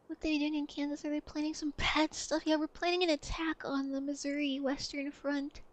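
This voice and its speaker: A woman streamer in casual livestream chat, playful and chatty as she answers her chat, often dropping to a soft, quiet voice. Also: sits high, flat delivery, normal speed.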